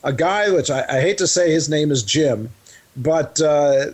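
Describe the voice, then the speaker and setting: A man co-hosting a casual political chat show, telling stories in an incredulous, animated way. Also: fairly high pitch, moderate pace, soft background music. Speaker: co-host.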